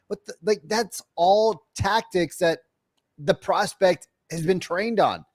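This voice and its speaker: A man's voice: sits high, no echo. Slangy man with a dry close sound. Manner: animated, acts out sales calls in quick voices; slangy, says bro and dude. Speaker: sales coach. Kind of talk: casual podcast chat.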